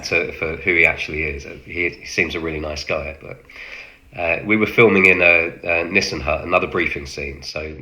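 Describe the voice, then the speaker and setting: A man casually recounting an anecdote from working as an extra on a film set, halting with many fillers and acting out quoted lines. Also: low-pitched, sharp tone.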